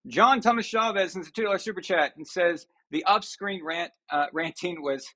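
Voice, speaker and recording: A man hosting a live stream from a room at home. His voice sits a little higher than most men's, and he rants with mock outrage that swings between loud bursts and muttered asides. He talks straight to his viewers in a loose, casual way. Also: normal speed. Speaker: host of a sports live stream.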